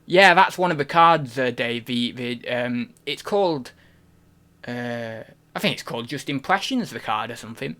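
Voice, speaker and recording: A man's voice: medium pitch, animated, normal speed, sharp tone. A man hosting a live stream, talking casually in a rambling, giggly way with many restarts and fillers.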